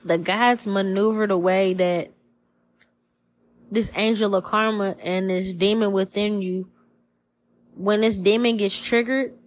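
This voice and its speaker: Woman giving a loose, profane reading. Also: mid-range voice. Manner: loose, profane, slangy, rambling. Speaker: tarot reader. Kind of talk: casual spiritual reading podcast.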